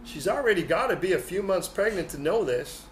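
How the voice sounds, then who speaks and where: A male pastor giving a humorous, animated sermon in a church hall. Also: sits high, fairly quick. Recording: echoey hall, faint noise.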